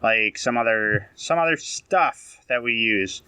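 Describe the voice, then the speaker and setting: A man's voice: mid-range voice, expressive, unhurried, pushed and bright, clear, resonant tone, dry recording. A man co-hosting a comedy podcast, telling a story in a mock-serious way with many hesitations. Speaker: podcast co-host.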